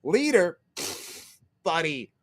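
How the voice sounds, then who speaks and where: A male streamer rants in a loose, profane and sarcastic way, laughing often and reading out his chat. His voice sits a little high and swings widely in pitch as he talks. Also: sing-song, takes it slowly, a bit bright. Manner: reads out and answers chat. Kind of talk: ranting livestream commentary.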